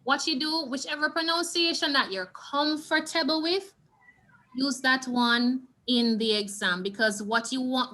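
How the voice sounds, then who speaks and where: Jamaican woman teacher chiming in w advice for students, bright sharp voice, encouraging. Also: fairly high pitch, rough recording. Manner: encouraging, advises students directly. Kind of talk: online revision class.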